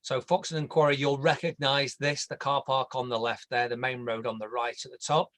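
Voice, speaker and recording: A man's voice: mid-range voice, flat delivery, fairly quick, a bit bright. A man with an English accent presenting a landscape design online in a chatty, jokey way, sometimes tripping over his words.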